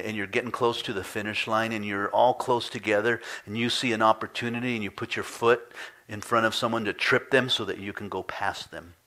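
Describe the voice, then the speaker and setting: A man preaching a sermon as pastor, reading scripture dramatically, rising into pleading cries and dropping to quiet emphasis. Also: fairly low pitch. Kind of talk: expository sermon. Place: church sanctuary.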